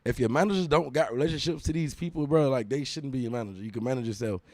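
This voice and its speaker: A young man, a guest musician, telling an animated story in a casual interview, full of profane street slang. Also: medium pitch, quick pace, no room sound.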